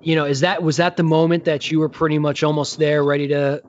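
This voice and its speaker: Earnest, higher-voiced male podcast host. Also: little pitch movement, fast talker. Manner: earnest, reflective interviewer. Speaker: podcast host, former rehab coordinator. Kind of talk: podcast interview. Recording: dull lo-fi audio.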